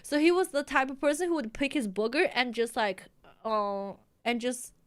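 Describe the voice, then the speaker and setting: A woman's voice: high-pitched, clear, resonant tone. A young woman from China, telling a story casually on a stream and laughing often.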